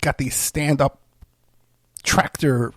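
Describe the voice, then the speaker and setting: A middle-aged man hosts a podcast by himself, rambling casually and self-deprecatingly while sounding tired and unwell. His mid-range voice keeps a steady tone and a slow pace, with no room sound.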